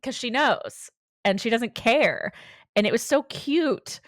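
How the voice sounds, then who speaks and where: A woman's voice: a little high, expressive, takes it slowly, no room sound, studio quality. A woman co-hosting a podcast, recapping an episode in casual chat, gushing and enthusiastic. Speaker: podcast co-host.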